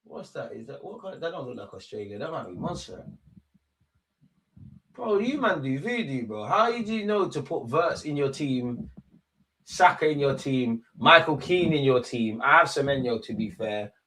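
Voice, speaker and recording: A man's voice: mid-range voice, sing-song, moderate pace, bright, forceful tone, slightly rough. Chatty man streaming a watch-along. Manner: chatty, loose banter with chat, slangy. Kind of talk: casual live watch-along chat.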